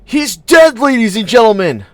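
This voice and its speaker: A man voicing a frantic young bandmate who yells high and urgent at a crowd. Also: sing-song, moderate pace, no echo. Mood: alarmed.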